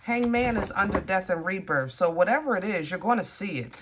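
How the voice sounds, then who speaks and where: A woman giving a tarot reading straight to her viewers, animated and blunt, cursing when frustrated. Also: mid-range voice, fairly quick, noisy background. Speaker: tarot reader.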